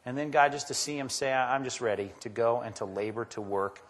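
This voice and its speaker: A man preaching a sermon as pastor, animated and conversational, jumping his pitch up sharply when he acts out quoted voices. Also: brisk. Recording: long hall reverb.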